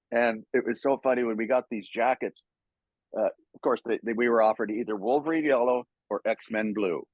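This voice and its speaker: A man's voice: on the low side, no room sound, narrow, tinny audio. An older Canadian man telling stories in a casual interview, laughing often and stammering as he acts out old quotes. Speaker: voice actor guest.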